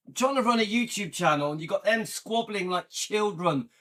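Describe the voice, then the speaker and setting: A man's voice: high voice, lively intonation, moderate pace, fairly bright tone. A man hosting his own channel, chatting casually and rambling with lots of fillers. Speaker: channel host. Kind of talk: casual chat to camera.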